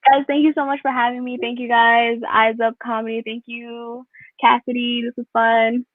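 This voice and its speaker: Young New comic, rambling and giggly, over a tinny video-call line. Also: female voice, a little high, flat delivery, moderate pace, dry recording. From New York. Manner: rambling, filler-heavy, laughs at own jokes. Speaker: stand-up comedian. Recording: tinny phone-like call audio, dry.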